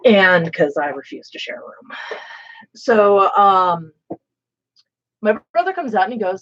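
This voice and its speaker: A woman hosting a stream, telling a story in a casual, animated way with some swearing. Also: fairly low pitch, normal speed, lo-fi sound. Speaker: streamer host. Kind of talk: casual storytelling while painting.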